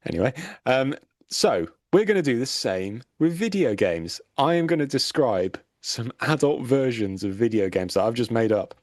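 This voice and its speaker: A man's voice: mid-range voice, very animated, normal speed, no echo, clean studio sound. A man in his thirties co-hosting a gaming podcast, cheekily running a quiz round in casual banter. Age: 30s. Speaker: podcast co-host.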